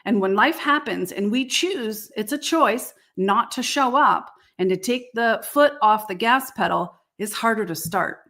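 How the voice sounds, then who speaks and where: Folksy, animated woman motivational host. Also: on the high side, measured pace, few pauses. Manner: folksy, animated, acts out little voices. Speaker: podcast host and business coach. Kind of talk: motivational podcast talk.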